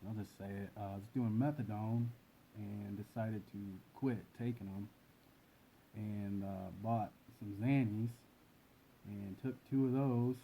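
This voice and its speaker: A man telling a personal story in plain, low-key, casual speech. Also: steady tone, measured pace, narrow, tinny audio, slight background noise. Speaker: guest.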